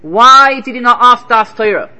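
A man giving an animated Torah lecture, firing rhetorical questions and telling stories. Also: very high voice, moderate pace. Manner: animated, rhetorical questions, Hebrew terms woven in. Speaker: Torah teacher.

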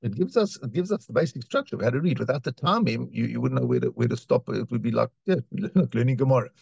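A man teaching a Torah class reads Hebrew phrases and then translates and explains them in English, repeating words and restarting as he hunts for the next one. His medium-pitched voice is quick, creaky, a little mellow and breathy. The audio is dull, with no echo.

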